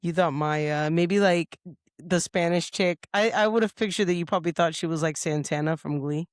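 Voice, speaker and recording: A woman's voice: on the low side, normal speed, no room sound. A woman co-hosting a podcast in a studio, telling a story in casual chat and acting out the lines of the people in it. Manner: lively storyteller who acts out quoted lines. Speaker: podcast co-host.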